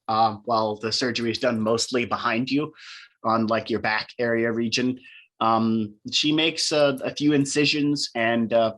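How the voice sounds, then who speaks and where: A man of mid pitch narrating a tabletop game as its game master. He talks loosely, filling his pauses with ums and uhs. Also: fairly bright tone.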